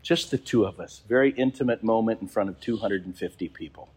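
A man, a bishop, preaching a sermon and telling a story, slowing down for emphasis. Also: fairly low pitch, darkish tone, slightly rough.

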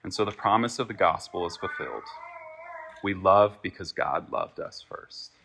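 A man with a fairly low voice preaches a sermon in church. He is earnest, rising to emphatic peaks and then dropping to quiet, reflective passages. Faint noise sits under the recording. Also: expressive, normal speed, creaky. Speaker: pastor.

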